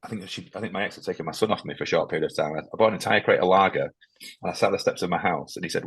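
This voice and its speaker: A man sharing a personal story as a podcast guest, emotional and halting, often restarting his sentences. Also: low-pitched, fairly bright tone, husky, no echo. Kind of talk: candid interview conversation.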